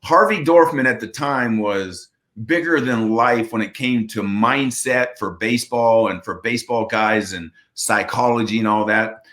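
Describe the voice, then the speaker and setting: A man's voice: mid-range voice, unhurried, fairly bright tone. A man in his fifties from the United States, telling a personal story in an interview with earnest emphasis and acted-out dialogue. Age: 50s. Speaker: interview guest, former baseball pitcher.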